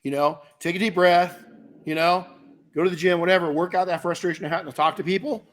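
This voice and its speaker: A man's voice: sits high, steady tone, fairly quick, a bit bright, slight background noise. Blunt, emphatic middle-aged male coach. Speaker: podcast host and detailing business coach. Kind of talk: casual Q&A advice talk.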